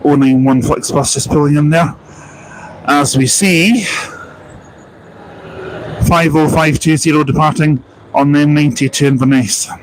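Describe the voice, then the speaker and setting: A man's voice: fairly high pitch, steady tone, measured pace, long pauses, a little hiss or hum, poor audio. A Scottish man chatting casually on an outdoor live stream while walking, reading viewer comments aloud, rambling with self-deprecating asides, on a small wireless mic. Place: outdoors at a bus park-and-ride, walking. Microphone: small wireless mic on phone stream.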